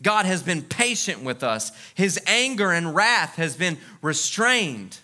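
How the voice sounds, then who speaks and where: High, bright-voiced preacher man. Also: sing-song, slow. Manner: conversational preaching with asides and repetitions. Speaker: pastor. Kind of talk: sermon.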